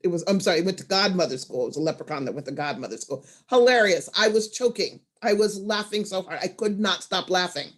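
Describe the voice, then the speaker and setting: Expressive woman teaching storytellers. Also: lowish voice, fast, few pauses. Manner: expressive, animated, swings from hushed to loud. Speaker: storytelling workshop presenter. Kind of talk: online workshop teaching.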